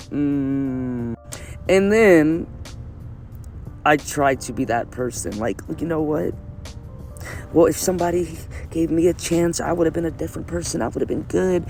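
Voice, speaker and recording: A man's voice: fairly high pitch, darkish tone. A man giving a candid, emphatic personal monologue to camera, repeating phrases and swearing freely. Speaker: vlogger.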